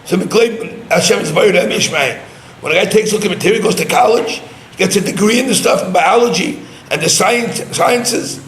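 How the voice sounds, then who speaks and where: A man's voice: sits high, fairly quick, fairly bright tone. A man giving a sermon as a rabbi, talking emphatically and with scorn, dropping Hebrew and Yiddish terms. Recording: roomy echo, faint background hum.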